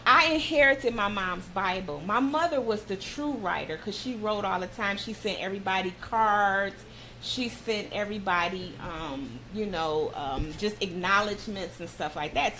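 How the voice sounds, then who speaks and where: A woman's voice: medium pitch, lively intonation, measured pace, bright, forceful tone, a little hiss or hum, rough recording. Female talk show host, sincere motivational speaker sharing personal stories, mid-range voice. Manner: heartfelt, encouraging, personal storytelling.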